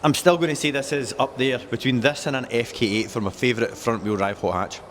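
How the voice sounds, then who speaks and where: Enthusiastic car dealer. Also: male voice, mid-range voice, fairly even intonation, fairly quick, a little hiss or hum. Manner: enthusiastic, jokey, rattles off specs. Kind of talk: casual walkaround chat.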